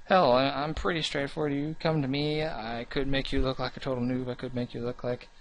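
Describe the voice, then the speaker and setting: A man's voice: medium pitch, little pitch movement, a little fast, a little hiss or hum. Rambling, earnest young man. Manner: rambling, restarts often, earnest and self-deprecating. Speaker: gaming channel host. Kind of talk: casual talk to camera about his channel.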